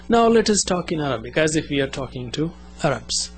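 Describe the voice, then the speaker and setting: A man teaching an Arabic lesson, drilling words slowly for listeners to repeat. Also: a little high, sing-song, soft background music. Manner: slow, drilling call-and-repeat. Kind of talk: classroom language lesson.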